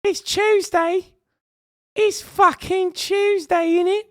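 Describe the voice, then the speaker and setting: A man putting on a shrill falsetto voice as a cheeky, scolding British woman with a mock British accent. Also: steady tone, slow, fairly bright tone, no room sound, studio quality, exaggerated voice. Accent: put-on British.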